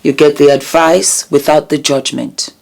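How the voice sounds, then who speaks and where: A woman hosting her own channel, talking earnestly and emotionally about vulnerability and healing, with deliberate repetitions. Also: low-pitched, steady tone, creaky, darkish tone. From United Kingdom. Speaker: channel host. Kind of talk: reflective commentary vlog.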